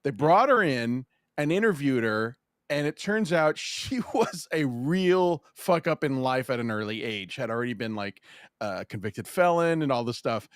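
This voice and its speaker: A man's voice: medium pitch, animated, normal speed, dry recording, studio quality. A man hosting a podcast, retelling a story in casual, profane chat. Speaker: podcast host.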